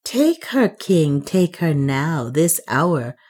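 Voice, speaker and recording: A woman's voice: sits low, sing-song, slow, darkish tone, husky, exaggerated voice. A woman reading aloud, voicing a bitter, scheming servant woman who taunts and mocks. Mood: urgent scheming. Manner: taunting, scornful.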